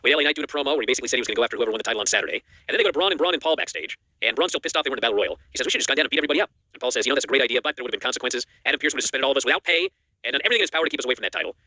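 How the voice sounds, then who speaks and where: A man's voice: mid-range voice, no room sound. A man co-hosting a wrestling news show, recapping matches in a casual chat and acting out the quotes. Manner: rapid animated recap, acts out quotes.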